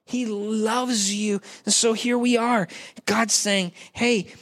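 A man's voice: sits high, flat delivery, slow, a bit bright. A man preaching a sermon in a conversational, joking way, talking straight to the congregation. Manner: acts out quoted voices. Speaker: pastor.

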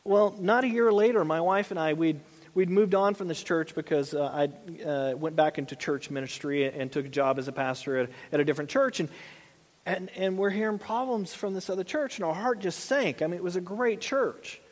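The speaker is a pastor with a high voice and normal speed, giving a conversational sermon full of repeated and restarted phrases. The recording has long hall reverb.

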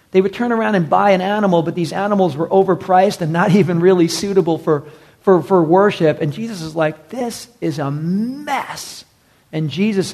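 A man's voice: on the high side, vocal fry, darkish tone. A man preaching a sermon in a passionate, conversational way, acting out quotes as he goes.

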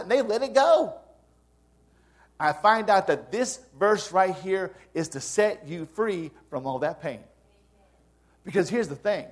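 A male pastor preaching a sermon in an earnest, conversational way, pushing up into emphatic rises to stress his points. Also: sits high.

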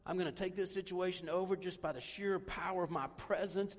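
A man's voice: high voice, fairly even intonation, a little fast, in a large hall. A man preaching a sermon as pastor, conversational and self-deprecating, joking with the congregation.

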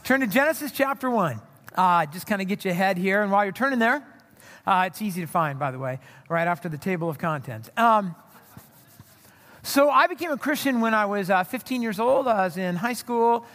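A man preaching in a hall with a long, ringing reverb. His voice sits very high for a man. He talks in a loose, chatty storytelling way, with plenty of ums and restarts. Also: expressive, fairly quick, fairly bright tone. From Southern California. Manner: storytelling, conversational, many fillers and restarts. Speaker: pastor. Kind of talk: sermon.

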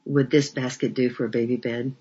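A man reading as Moses, a humble gentle pastor. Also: mid-range voice, flat delivery, brisk, breathy edge, natural voice. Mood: eager. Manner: quiet, pleading. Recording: dull lo-fi recording.

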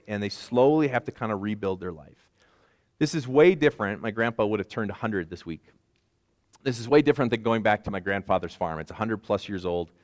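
A man's voice: mid-range voice, long reverb tail. A man in his forties preaching a conversational sermon with self-deprecating asides. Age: 40s. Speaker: pastor.

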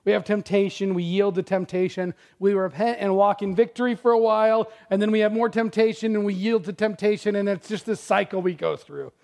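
A middle-aged man preaching a sermon, telling a personal story with dramatic swings from loud exclamations to hushed, near-whispered lines. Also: high-pitched, fairly even intonation, brisk, gravelly, hardly any pauses. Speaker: pastor.

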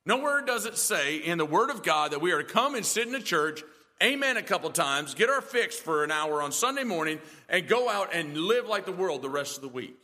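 A man's voice: a little high, very animated, a little fast, sharp tone, long reverb tail. A male pastor preaching a sermon in a church, emphatic and full of rhetorical questions.

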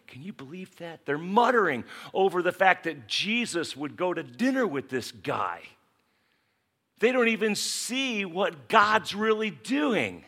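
A pastor preaching a sermon, telling a Bible story in a lively way and acting out the characters. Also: male voice, sits high.

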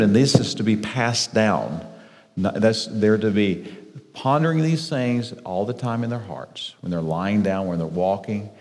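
A man teaching a Bible study, explaining scripture and reading passages slowly and deliberately, with some self-correcting restarts. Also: lowish voice, a little mellow, in a large hall.

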